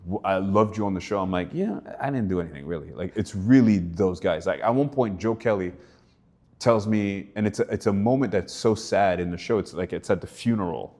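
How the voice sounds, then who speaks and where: Animated young man telling stories. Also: deep voice, a little fast. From Canada. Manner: animated storyteller, laughs, acts out quotes. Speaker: actor guest. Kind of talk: casual interview chat.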